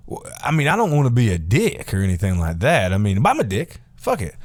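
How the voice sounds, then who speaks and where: Profane rambling man with a lively pitch. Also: fairly quick, no room sound. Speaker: vlogger. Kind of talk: casual rant to camera.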